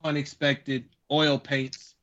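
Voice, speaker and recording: Boisterous high-voiced man on a call. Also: flat delivery, slow, fairly bright tone. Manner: playful, teasing, boisterous. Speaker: charity founder, guest. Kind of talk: casual podcast chat over video call. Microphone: video call. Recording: dull lo-fi call audio.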